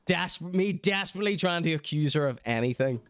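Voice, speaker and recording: A man giving teasing, chatty live-stream commentary on clips. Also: fairly high pitch. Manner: teasing, chatty, mock-outraged asides.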